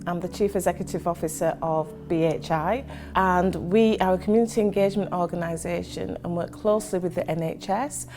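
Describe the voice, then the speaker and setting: A woman's voice: fairly low pitch, dark tone. A woman who heads a community charity, telling stories in a conversational interview with fillers. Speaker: charity chief executive. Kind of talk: interview testimony.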